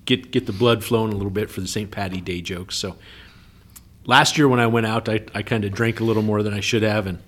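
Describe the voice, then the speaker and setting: A man's voice: fairly low pitch, fairly even intonation, quick pace, fairly bright tone. Chatty man telling a joke. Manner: chatty, playful joke teller. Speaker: podcast co-host. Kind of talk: casual podcast chat.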